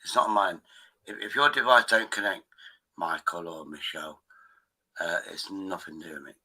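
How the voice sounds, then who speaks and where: A man's voice: low voice, normal speed, pushed and bright, rough recording. A man hosting a live stream, rambling in a casual, profane way. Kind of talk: casual chat.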